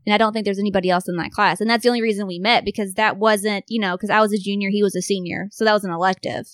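A young woman co-hosting a podcast, telling old stories in a casual, giggly, animated way. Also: medium pitch, racing, no room sound, clean studio sound. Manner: giggly, animated storyteller acting out quotes. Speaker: podcast co-host. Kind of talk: casual chat, reminiscing.

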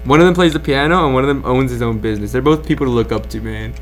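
A man's voice: mid-range voice, very fast, faint music behind. A young man hosting a casual late-night chat with friends, joking, swearing and laughing as he talks. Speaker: podcast host. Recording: faint background noise.

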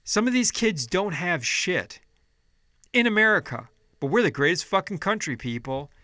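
Angry guy venting on camera, high bright voice, swears a ton, keeps tripping over his words. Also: big pitch swings, normal speed, no room sound, clean studio sound. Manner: heated, profane, restarting sentences. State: upset and frustrated. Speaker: vlogger. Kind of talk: angry political rant.

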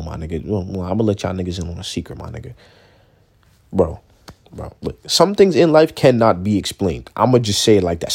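A young man in a casual, profane monologue, rambling and blunt, swinging between loud outbursts and low mutters. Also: creaky.

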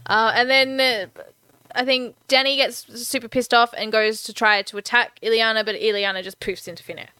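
Bright, clear-voiced woman summarising a film. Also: fairly high pitch, fairly even intonation, normal speed, dry recording. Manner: plot-summarising, hesitant with ums, drops casual swears. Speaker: podcast co-host. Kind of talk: casual film recap chat.

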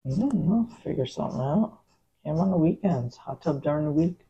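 A woman's voice: sits low, lively intonation, brisk, dark tone, breathy edge. A woman co-hosting a casual podcast from a rented holiday home, easygoing, with short agreeing replies. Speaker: podcast co-host. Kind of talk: casual chat. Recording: dull lo-fi sound.

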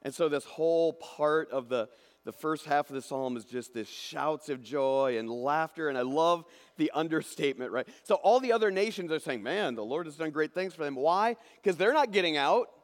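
A man preaching a lively sermon, acting out imagined voices and swinging between loud bursts and hushed asides. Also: a little high, normal speed. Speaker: pastor. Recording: long hall reverb.

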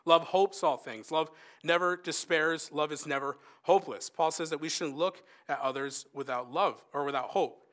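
A man preaching a sermon in an earnest, conversational way, rising for emphasis and softening for quoted asides. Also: a little high, moderate pace, few pauses.

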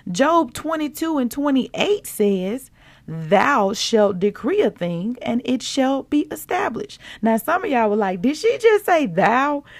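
A woman's voice: fairly high pitch, big pitch swings, takes it slowly, dry recording. A woman, hosting a devotional podcast in a playful, preachy way, talking straight to her listeners. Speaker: podcast host. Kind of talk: casual devotional podcast talk.

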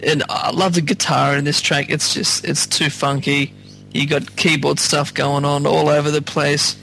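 Man, co-host, higher pitch, bright, giggly, enthusiastic music chat. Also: flat delivery, normal speed, gravelly, slight background noise, rough recording. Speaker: podcast co-host. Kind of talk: casual music review chat.

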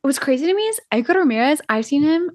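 A woman's voice: high-pitched, sing-song, fast, dry recording, clean studio sound. Blunt, chatty woman co-host. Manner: blunt, swears freely, lots of "like". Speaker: podcast co-host. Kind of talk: casual chat.

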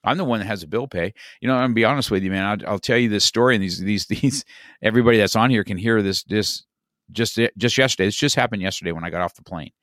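Middle-aged male guest, low register, dry close sound, loose rambling storyteller. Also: quick pace, a bit bright, no room sound. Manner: rambling, many restarts and "you know, man". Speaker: podcast guest. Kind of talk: casual conversational storytelling.

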